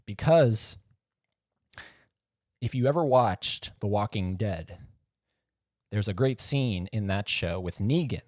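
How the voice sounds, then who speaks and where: A man's voice: on the low side, lively intonation, takes it slowly, pauses often, darkish tone, no echo. A man hosting a solo podcast, talking in a rambling, jokey and self-mocking way into a close mic. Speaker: podcast host. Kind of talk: casual solo podcast monologue.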